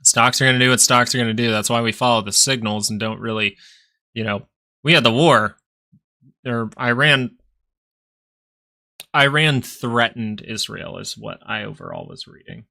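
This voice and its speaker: Male livestream host, chatty and rambling, gravelly low voice with a tense, bright edge. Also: normal speed, long pauses. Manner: rambling, chatty, answers viewers directly. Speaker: stock market livestream host. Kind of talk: casual live stream market commentary.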